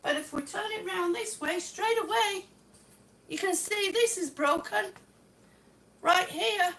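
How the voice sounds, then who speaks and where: A woman's voice: very high-pitched, a little slow, fairly bright tone, slight background noise. A woman live-streaming a complaint about damaged tiles at home, exasperated and sarcastic, swearing now and then. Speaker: vlogger. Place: home, indoors.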